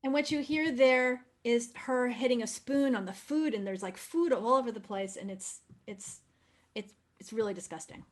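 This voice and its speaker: A woman's voice: a little high, normal speed. A woman presenting opera program notes in an effusive, enthusiastic manner.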